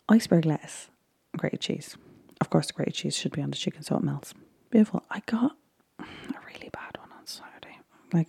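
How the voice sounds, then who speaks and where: A young Irish woman with a low, dark, husky voice and a gravelly edge chats loosely through a recap of a baking show. She rambles, often sinking into a soft whisper. Her voice sounds dry and close. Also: no echo. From Ireland. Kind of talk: casual chat, often whispered.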